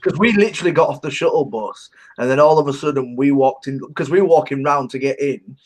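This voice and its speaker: Laddish podcast co-host. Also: male voice, mid-range voice, fast talker. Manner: laddish, laughing, sweary. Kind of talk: casual chat.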